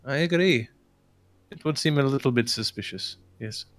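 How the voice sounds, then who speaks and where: A man voicing a nervous, cautious male village priest in a tabletop game, speaking hesitantly with many halting pauses. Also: mid-range voice, expressive, no room sound, lightly acted. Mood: wary. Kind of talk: improvised character voice in a tabletop game.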